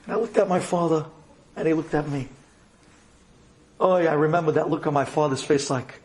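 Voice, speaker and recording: A rabbi giving a dramatic personal storytelling talk, swinging from loud to quiet for emphasis. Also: male voice, a little high, a little fast, pauses often.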